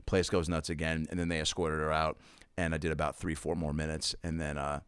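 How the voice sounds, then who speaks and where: A man's voice: extremely low pitch, little pitch movement, a little fast, a bit bright, clean tone, no echo, studio quality. A man telling a stand-up comedy story in casual chat, acting out the quotes with big jumps in his voice. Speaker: comedian guest.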